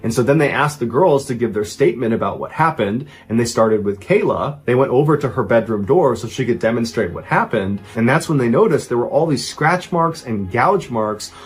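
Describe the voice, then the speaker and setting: Guy narrating a creepy true story, husky voice, big swings up and down. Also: mid-range voice, fairly quick, hardly any pauses, soft background music. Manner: animated, dramatic emphasis. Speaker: storyteller host.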